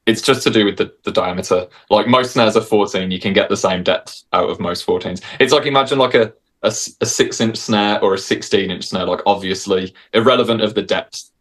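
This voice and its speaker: A man of thirty with an English accent, a guest musician chatting in a relaxed way on a video call and saying "dude" a lot. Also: lowish voice, brisk, hardly any pauses. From England. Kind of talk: casual interview chat.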